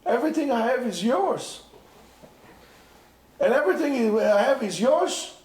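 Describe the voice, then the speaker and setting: A man's voice: sits high, huge pitch swings, normal speed, darkish tone, echoey room. A man voicing a stern, angry king who scolds his son-in-law in a demanding way. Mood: scolding.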